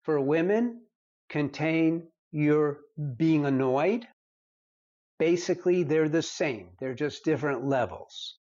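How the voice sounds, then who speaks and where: A man's voice: on the high side, slow, a little mellow, highs cut off. A man giving marriage advice straight to the camera, lecturing in an earnest, emphatic way. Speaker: marriage counselor. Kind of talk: direct-to-camera advice talk.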